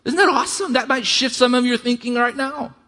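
A middle-aged man delivers a sermon in a fairly high voice. He preaches conversationally, with rising emphasis and quick asides. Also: sharp tone. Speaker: pastor.

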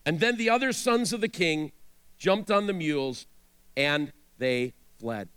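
A male pastor preaches in a high voice that swings up and down with strong animation. He tells the scripture story dramatically and breaks off now and then to speak straight to his listeners. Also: lively intonation, a little slow, fairly bright tone, clear, resonant tone. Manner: dramatic storytelling, asides to the audience. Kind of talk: sermon.

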